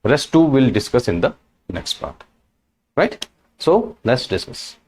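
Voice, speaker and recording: Slow, lively-voiced man teaching a lesson. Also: mid-range voice. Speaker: French teacher.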